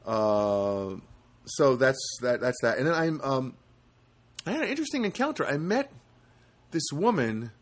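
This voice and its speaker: A man telling stories in a casual monologue, rambling and animated with many restarts. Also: a little high, normal speed, pauses often, husky.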